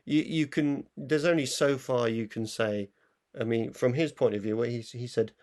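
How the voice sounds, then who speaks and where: A man's voice: mid-range voice, moderate pace, a little mellow. A man co-hosting a film review show, talking in a rambling, casual way full of fillers and restarts. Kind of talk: casual chat.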